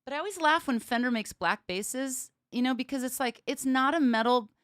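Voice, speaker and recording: A woman bass player chats to her livestream viewers in a bubbly, giggly way. Her voice sits a little high, and the sound is dry, with no room echo. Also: normal speed, a bit bright. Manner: chatty and bubbly, laughs often. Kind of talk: casual livestream chat. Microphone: streaming setup with cameras.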